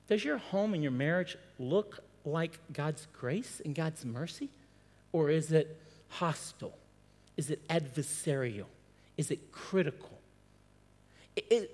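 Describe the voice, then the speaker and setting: High-voiced male preacher in a reverberant hall. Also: darkish tone. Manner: preaching with rhetorical questions and repeated phrases; stumbles and restarts on words. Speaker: pastor. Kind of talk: sermon. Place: church hall.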